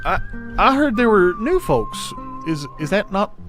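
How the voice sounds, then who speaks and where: A man's voice: high-pitched, wildly swooping pitch, unhurried, music in the background, pitched above the performer's own voice, full character voice. A man doing a nervous little girl. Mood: eager. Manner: chirpy, hesitant questions.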